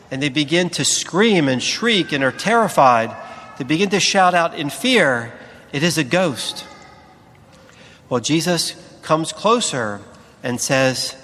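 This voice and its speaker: A priest giving a sermon, speaking slowly and deliberately with emphatic pauses. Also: male voice, on the high side, a bit bright, in a large hall.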